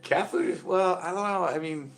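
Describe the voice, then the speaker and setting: A middle-aged man hosting a casual live stream, rambling through anecdotes, laughing and loudly acting out other people's lines. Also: high-pitched, normal speed, soft background music. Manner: rambling storyteller, acts out quotes loudly and laughs often. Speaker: host of a fishing channel livestream.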